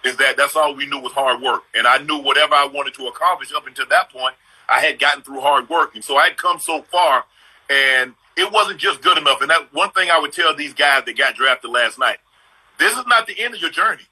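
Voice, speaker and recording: A man's voice: on the high side, fairly quick, pushed and bright, breathy edge, rough recording. A middle-aged man hosting a casual live video-call chat, telling stories in an emphatic, slangy way. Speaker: host.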